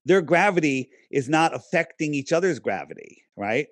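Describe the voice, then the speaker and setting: A man's voice: on the high side, expressive, moderate pace, no echo, clean studio sound. Emphatic man arguing his case. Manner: emphatic, persuasive, argues with rhetorical questions. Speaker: podcast guest. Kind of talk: casual interview talk.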